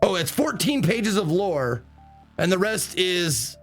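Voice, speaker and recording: A man streaming a game live, chatting excitably, swearing casually and reading the game's text aloud. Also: high-pitched, slow, faint music behind. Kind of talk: live let's play commentary.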